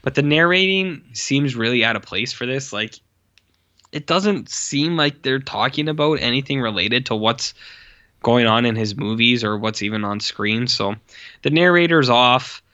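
A man's voice: medium pitch, animated, moderate pace, pushed and bright, highs cut off. A man co-hosting a casual film review podcast, rambling and profane, slipping into mocking voices when he quotes people. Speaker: podcast co-host. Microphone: own microphone with mute.

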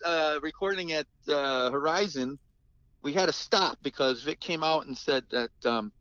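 A man's voice: fairly high pitch, normal speed, smooth, no echo, highs cut off. Rambling, restart-prone man telling stories. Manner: rambling, animated, many restarts. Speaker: musician guest. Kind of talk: casual storytelling interview.

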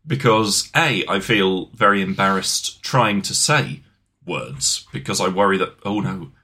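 A man's voice: sits low, lively intonation, a little slow, bright, forceful tone. A man, co-hosting a podcast in casual, rambling, self-deprecating chat. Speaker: podcast co-host.

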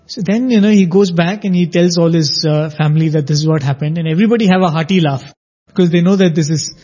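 A man's voice: on the high side, fast, slightly rough. A man telling a devotional anecdote in a conversational way, acting out the quoted lines. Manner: animated, acts out quoted dialogue. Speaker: storyteller sharing a devotional anecdote. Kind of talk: conversational spiritual storytelling. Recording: dull lo-fi audio.

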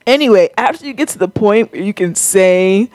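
A woman's voice: medium pitch, expressive, moderate pace, darkish tone, dry recording. A woman hosting a podcast, talking candidly and emotionally, swearing freely. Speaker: podcast host. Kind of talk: candid casual podcast chat.

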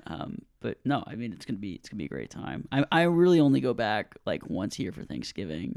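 A man from the New Orleans area chatting easygoingly, often trailing off quietly. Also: fairly low pitch, very animated, fast, vocal fry, few pauses, no room sound, studio quality. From New Orleans area, USA. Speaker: podcast guest, comedy producer. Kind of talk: casual comedic chat.

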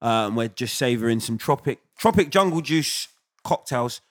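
A man's voice: medium pitch, animated, moderate pace. A British man hosting a podcast, joking with guests and reading a sponsor plug. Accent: British English. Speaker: podcast host. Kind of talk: casual chat.

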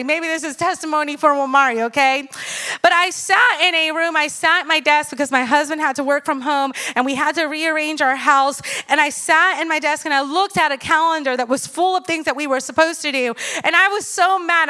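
A woman in her thirties preaching with a very high, bright voice. She talks in a chatty, animated way and keeps checking in with the congregation as she goes. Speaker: church speaker. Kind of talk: sermon.

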